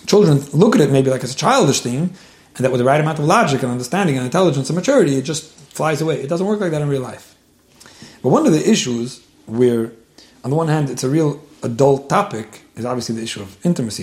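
A man's voice: a little high, a little mellow, roomy sound. A man giving an informal talk, telling anecdotes in a conversational way and acting out the people he quotes. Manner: conversational storyteller, acts out quoted speakers.

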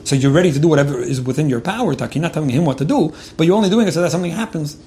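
A man's voice: fairly high pitch, very fast, mellow, a little hiss or hum. A man giving earnest, conversational relationship advice, often restarting his phrases and mixing in religious Jewish terms. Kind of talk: informal advice talk.

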